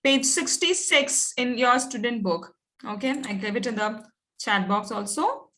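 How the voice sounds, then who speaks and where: Bright woman teacher, patient. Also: a little high, lively intonation, unhurried. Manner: patient, coaxing, with many fillers and okays. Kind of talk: online class teaching.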